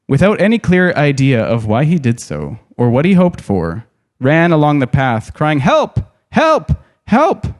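Guy reading a novel out loud, pretty dramatic delivery, normal pitch, adds his own remarks. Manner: expressive, dramatic read-aloud. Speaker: storyteller. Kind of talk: reading a novel aloud with commentary.

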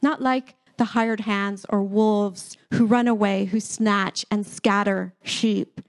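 A woman pastor giving a sermon, telling a personal story in a relaxed, conversational way with occasional light laughter. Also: medium pitch, slow.

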